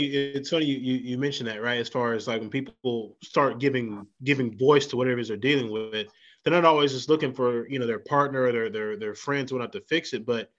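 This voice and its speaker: A man's voice: medium pitch, fairly bright tone. A man co-hosting a podcast, chatting casually and rambling as he repeats words while he thinks. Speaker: podcast co-host. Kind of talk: casual conversational commentary. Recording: dull lo-fi podcast audio.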